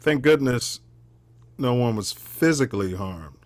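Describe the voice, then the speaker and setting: Guy hosting a talk show, steady and indignant, dry close sound. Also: medium pitch, no echo. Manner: measured, indignant explanations. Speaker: show host. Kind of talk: casual commentary on a video clip.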